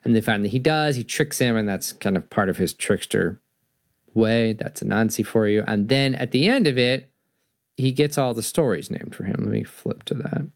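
A man hosting a show on stories, reading a picture book aloud and explaining it in an animated way, often restarting his sentences. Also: on the low side, moderate pace, dry recording, studio quality. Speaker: host. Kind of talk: reading and discussing stories on a podcast.

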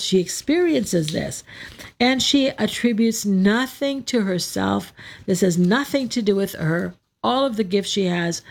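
Gravelly-voiced woman teaching scripture. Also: mid-range voice, darkish tone. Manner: explanatory, poses rhetorical questions to listeners. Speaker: Orthodox Christian Bible teacher.

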